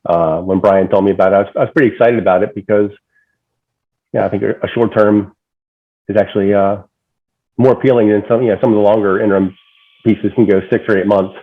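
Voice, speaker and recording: A man's voice: on the low side, steady tone, fast, long pauses. A man answering a town board remotely as a fire chief candidate, earnest and often restarting his sentences. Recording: tinny phone line.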